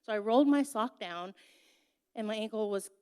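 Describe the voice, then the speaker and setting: A woman's voice: medium pitch, lively intonation, moderate pace, a little mellow, smooth. A young woman telling a personal story from her childhood in a candid, self-mocking way, with laughs along the way.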